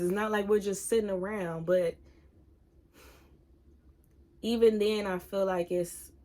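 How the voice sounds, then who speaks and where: A woman in her thirties talking openly in a personal vlog, earnest and halting, at times giving direct advice to viewers. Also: fairly low pitch, warm tone. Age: 30s. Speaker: single mom vlogger.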